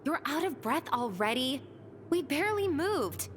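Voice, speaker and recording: A bossy student council president. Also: female voice, sits high, very animated, slight background noise. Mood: scolding. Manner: brisk, mildly scolding. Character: poised student council president girl, teasing.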